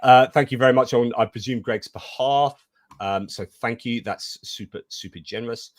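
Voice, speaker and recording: A man's voice: medium pitch, normal speed, no echo, clean studio sound. A man co-hosting a casual live stream, chatting about the news and reading out viewer comments.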